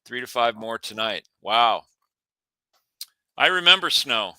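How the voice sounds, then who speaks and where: An easygoing man co-hosts a food chat and trades stories with his partner. His voice is strikingly bright and smooth. It is recorded close and dry, with no room sound. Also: mid-range voice, lively intonation, measured pace, dry recording. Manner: easygoing, tells anecdotes. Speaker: co-host. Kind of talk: casual chat.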